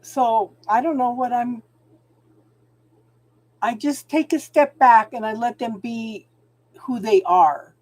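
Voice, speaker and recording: A woman's voice: on the high side, slow pace, pauses often, darkish tone. A middle-aged woman hosting a spiritual channel, chatting casually on a livestream and talking to viewers by name.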